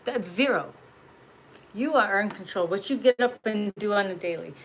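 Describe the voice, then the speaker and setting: A woman's voice: medium pitch, expressive, moderate pace, a little hiss or hum, poor audio. A woman giving a casual spiritual message as a tarot reader, blunt and profane, laughing often and pressing her points with emphasis.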